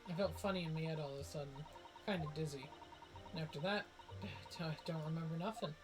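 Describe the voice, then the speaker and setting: A man voicing a scrappy young female pickpocket, attempting a Cockney accent and telling her story in a rushed, breathless way. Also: fairly high pitch, over music, lightly acted, rough recording. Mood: shaken.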